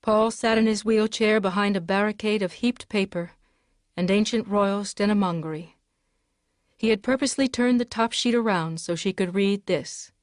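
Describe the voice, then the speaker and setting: A woman's voice: medium pitch, fairly even intonation, moderate pace, no echo, clean studio sound. Woman narrating a dramatic audiobook.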